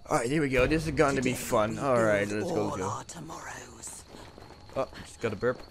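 A young man giving excitable, profane commentary on his own gameplay, whooping when things go well. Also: medium pitch, normal speed, pauses often, background noise. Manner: excitable, swearing, yelps and whoops at kills. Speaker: gaming video host.

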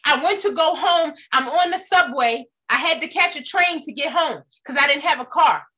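A woman gives an emphatic motivational talk in a high voice. Her tone is bright and forceful, and she keeps turning to her listeners with questions as she tells personal stories. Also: animated, normal speed. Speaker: motivational speaker.

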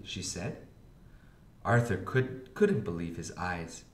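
Man teacher reading aloud to kids, slow and lively, roomy echo. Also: lowish voice. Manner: slow, expressive storytelling. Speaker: kindergarten teacher. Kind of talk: storybook read-aloud for children.

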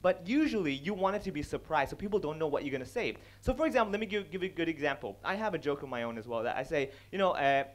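This is a man from India giving a comedy talk on stage, and he keeps acting out what other people say. His voice sits high and swings all over the place, and he chuckles at his own jokes. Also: very fast, few pauses. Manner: animated, acts out other people's lines, laughs at own jokes. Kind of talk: stage talk on comedy, switching between English and Cantonese.

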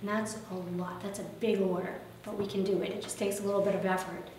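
A woman leading a children's liturgy, retelling a gospel parable in a gentle, conversational way and asking the children questions. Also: mid-range voice, little pitch movement, fast, a little hiss or hum. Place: church or parish hall. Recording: very echoey room, mic far off.

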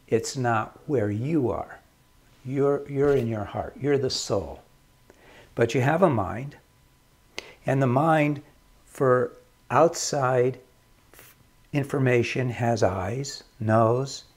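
A man giving calm marriage advice in a measured way, often repeating his key phrases. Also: medium pitch. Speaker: marriage counselor.

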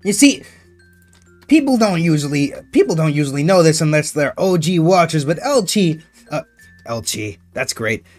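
A young man hosting a Minecraft roleplay, loud and joking with frequent swearing. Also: on the high side, big pitch swings, normal speed, faint music behind. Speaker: roleplay host.

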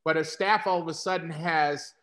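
Bright, energetic male host. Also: a little high, normal speed. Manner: energetic, coaching tone addressing doctors directly. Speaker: host and practice consultant. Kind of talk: casual podcast conversation.

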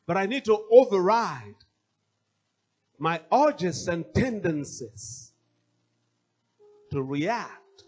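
A male pastor preaching at an unhurried pace, in a high, husky voice. His pitch leaps up and down as he drives home repeated phrases. Faint music plays underneath. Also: a little mellow. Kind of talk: sermon.

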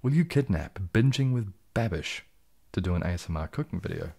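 A man hosting a relaxed, jokey live stream, reading out and answering viewer comments, a little tipsy from champagne and sometimes dropping into a whisper. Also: low-pitched, fairly quick, creaky. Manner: laid-back and jokey, drifting into soft whispers. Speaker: ASMR channel host.

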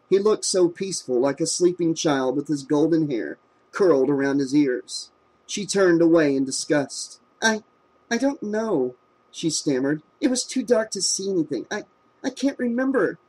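A man narrating a horror novel in a steady, measured reading voice. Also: fairly high pitch. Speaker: audiobook narrator. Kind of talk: scripted narration.

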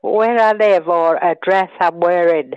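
A woman's voice: on the low side, a little slow, darkish tone, clear, resonant tone, no echo, dull audio. An older woman in a drama group, chatting from home in a hesitant, confused way. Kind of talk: casual group chat.

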